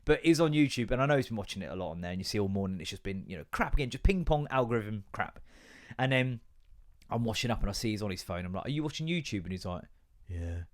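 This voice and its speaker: A man's voice: on the low side, expressive, fast talker. A man hosting a podcast, ranting in a casual, sweary way and acting out both sides of remembered conversations. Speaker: podcast host.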